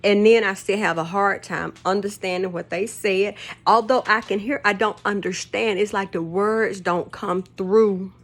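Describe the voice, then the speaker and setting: A woman's voice: medium pitch, fairly even intonation, unhurried, few pauses. An older woman, chatting casually to camera from her home kitchen, rambling and laughing often as she tells stories. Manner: rambling, laughs often, folksy Southern turns of phrase. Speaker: vlogger.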